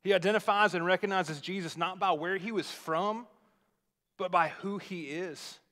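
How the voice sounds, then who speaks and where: A pastor preaching a sermon, retelling a scripture story in a conversational, explaining way. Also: male voice, sits high, normal speed, pushed and bright. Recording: long reverb of a large hall.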